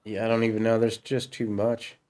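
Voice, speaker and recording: A man's voice: lowish voice, little pitch movement, fairly quick, darkish tone. A man hosting a casual chat, laid-back, laughing often and swearing freely. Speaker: podcast host.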